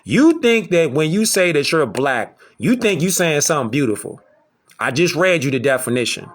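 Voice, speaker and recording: A man's voice: on the high side, big pitch swings, normal speed. A man lecturing his audience in an emphatic, preachy way, repeating rhetorical questions. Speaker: online lecturer. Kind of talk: preachy commentary to camera.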